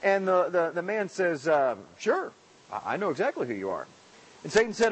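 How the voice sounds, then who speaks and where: A man preaching a sermon in a church, praying and then telling jokes with lively acted-out voices. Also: moderate pace, breathy edge, poor audio. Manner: animated storytelling, acts out characters with raised pitch. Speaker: pastor.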